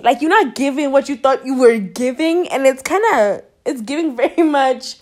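Sassy high-voiced young woman ranting. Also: moderate pace, a little hiss or hum. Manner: animated, sassy, laughing, mocking impressions. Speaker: podcast host. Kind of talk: casual monologue.

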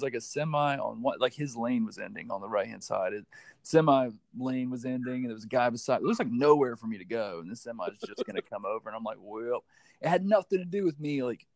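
An American man telling stories in a loose, swearing chat. His pitch jumps around a lot as he acts out other people. The sound is dry, with no room echo. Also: a little fast. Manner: animated storyteller, swearing, acting out quotes. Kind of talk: casual chat.

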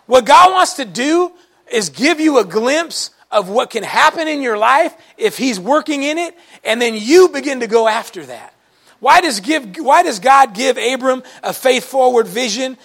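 During a church service, a male pastor preaches with a high, bright voice that has a gravelly edge. His sermon is full of folksy, animated, colloquial stories, and he occasionally rises into a shout.

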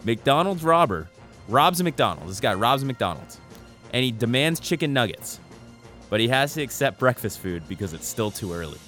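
A man's voice: mid-range voice, very animated, normal speed, a bit bright, faint music behind. A young man co-hosting a podcast, rambling and joking in casual chat and laughing often. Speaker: podcast co-host.

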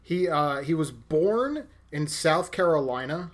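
A man's voice: on the high side, expressive, slow. A man co-hosting a casual movie discussion, hesitating and thinking aloud with fillers. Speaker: podcast co-host.

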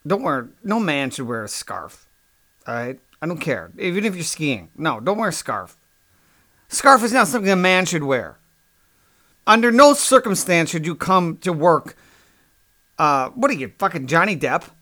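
A man's voice: a little high, big pitch swings, moderate pace, pushed and bright. A man hosting a podcast, ranting in a sarcastic, crude, exasperated comedic monologue. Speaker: podcast host.

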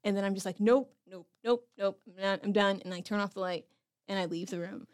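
A woman on a podcast telling her own ghost story in casual chat, animated and quick to laugh, acting out her reactions. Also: mid-range voice. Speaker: podcast co-host.

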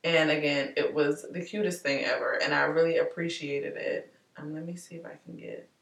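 A woman vlogger talking candidly and warmly to her viewers, chatty and heartfelt, calling them y'all. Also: low voice, fairly even intonation, normal speed, creaky, roomy sound, recorded from a distance. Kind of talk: candid personal vlog talk.

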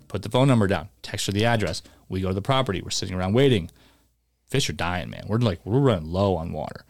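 Young guy on a podcast, kinda low voice, goofs around telling stories, dry mic. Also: animated, quick pace, vocal fry, no echo. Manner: storytelling, quotes people, jokey. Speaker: podcast co-host. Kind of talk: casual chat.

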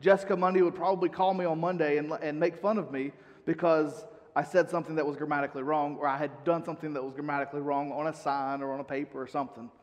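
A man's voice: fairly high pitch, level tone, quick pace, muffled recording. Man preaching in a reverberant hall. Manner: conversational preaching, reads scripture aloud. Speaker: pastor. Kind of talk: sermon.

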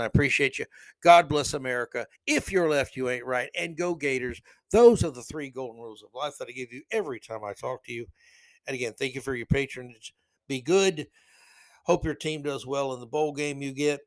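A man's voice: mid-range voice, no echo. Blunt, sarcastic man ranting. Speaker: podcast host. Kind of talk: solo opinion podcast rant.

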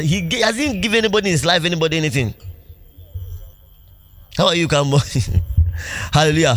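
A pastor preaching a sermon in a church, animated, laughing often and asking the congregation questions. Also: male voice, sits high, a little fast, long pauses. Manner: call-and-response preaching, asks congregation questions.

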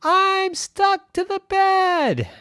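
A man voicing a whiny, excitable young boy in a bedtime story, pleading in a high voice. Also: moderate pace, no room sound, studio quality, heavily acted. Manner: high, pleading, dramatic outbursts.

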